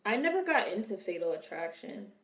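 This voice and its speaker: A woman's voice: mid-range voice, big pitch swings, fairly quick, fairly bright tone, reverberant. A young woman casually commenting on a film during a live stream, swearing freely and answering her chat. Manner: chatty, swearing, reads and answers viewer chat.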